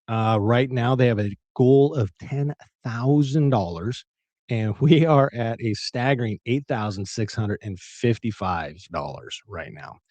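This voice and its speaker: A man's voice: medium pitch, dark tone, dry recording. A man hosting a casual live stream, chatting and retelling a story with acted-out quotes. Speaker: livestream host.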